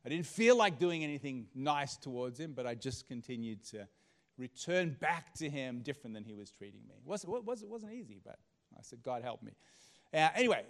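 Pastor man preaching, lively storytelling, drops quiet then gets loud. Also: medium pitch. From Australia. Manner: animated, swings from hushed to loud. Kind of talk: sermon with personal storytelling.

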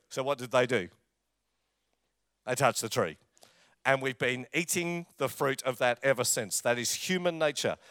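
A man's voice: fairly high pitch, normal speed, a bit bright, no echo, clean studio sound. A man in his sixties, born in England and raised in Australia, preaching a sermon with humorous personal stories and banter with the congregation. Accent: English, lives in Australia. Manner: humorous storytelling, jokes with audience. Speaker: pastor.

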